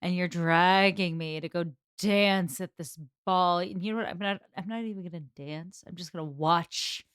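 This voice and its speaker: A woman voicing a grumpy gentleman who dislikes dancing, grumbling and dismissive. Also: fairly low pitch, normal speed, hardly any pauses, clean tone, no echo, studio quality, lightly acted.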